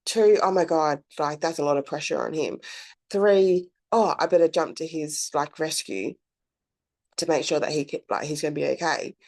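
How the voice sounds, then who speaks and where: A woman's voice: deep voice, normal speed, darkish tone. A woman, hosting her own podcast in a candid, chatty monologue full of fillers and the odd swear word. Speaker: podcast host. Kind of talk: casual reflective monologue.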